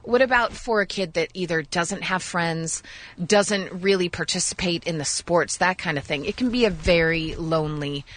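A woman's voice: fairly low pitch, normal speed, dry recording. Enthusiastic woman telling radio good news. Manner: warm storyteller, enthusiastic, light teasing. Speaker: radio co-host. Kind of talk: casual radio banter, telling a news story.

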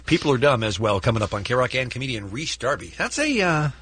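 A man co-hosting a radio show, reading upcoming segments with grumpy deadpan remarks. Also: mid-range voice, fairly quick, a little hiss or hum. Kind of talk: radio show banter and promos.

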